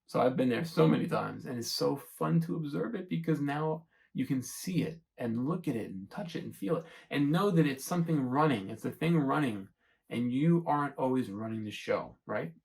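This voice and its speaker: A man with a rough, gravelly edge to his voice talks through a self-help reflection at a middle pitch. He rambles and searches for words, often tossing in a questioning "right?" to the listener. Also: lively intonation, moderate pace, darkish tone, low-quality recording. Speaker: self-help channel host. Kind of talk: reflective monologue to camera.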